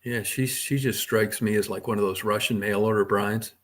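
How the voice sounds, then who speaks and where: A man's voice: lowish voice, steady tone, normal speed, fairly bright tone. A middle-aged man hosting a casual livestream, rambling crudely with lots of swearing and talking to chat viewers by name. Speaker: livestream host.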